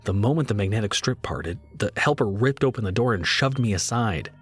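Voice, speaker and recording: A man reading a horror story aloud in a measured way, slowing down for dread. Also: lowish voice, lively intonation, husky, soft background music. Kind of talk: scripted horror narration.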